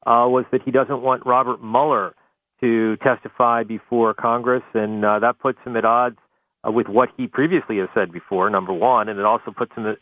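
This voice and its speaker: A male White House correspondent reporting live by phone to a talk radio host, measured and thorough, with many uhs. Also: mid-range voice, no room sound. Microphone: telephone. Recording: phone line.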